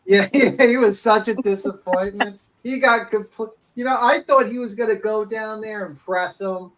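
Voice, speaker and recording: Casual panel chat, blunt, profane, opinionated, laughs a lot, mid-pitched voice. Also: a little slow.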